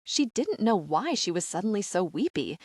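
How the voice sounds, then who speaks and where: A woman narrating an audiobook in a gentle storytelling manner. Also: medium pitch, big pitch swings, moderate pace, dry recording, studio quality.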